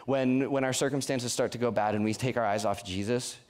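A man's voice: medium pitch, steady tone, a little fast, a little mellow. Earnest young man preaching to a youth group. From Colorado. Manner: earnest, conversational preaching with frequent restarts. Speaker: youth pastor. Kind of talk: sermon. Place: church youth service.

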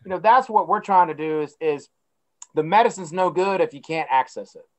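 A man's voice: fairly high pitch, fairly quick, poor audio. A man giving an interview as a guest, speaking earnestly and repeating words while he searches for phrasing. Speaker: guest, company CEO. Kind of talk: casual interview chat.

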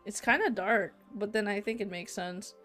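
A woman plays through a narrative game, reading its text aloud at a middle pitch. She keeps interrupting herself with candid, casual reactions. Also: moderate pace, a bit bright, faint music behind. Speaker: let's play gamer.

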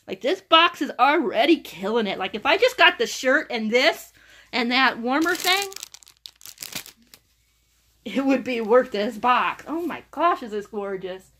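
Excitable young woman gushing over a book box, bright voice, keeps saying oh my gosh. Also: a little high, unhurried, a little hiss or hum. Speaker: book box unboxing vlogger. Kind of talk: casual unboxing chat.

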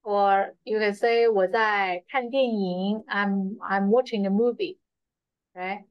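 A woman teaching a Chinese lesson over a video call, speaking very slowly and patiently. She repeats each phrase and fills pauses with small words. The sound is dry and a little dull, like a lo-fi call. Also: medium pitch, fairly even intonation, clean tone, dry recording. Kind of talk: slow, repetitive online language lesson. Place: school.

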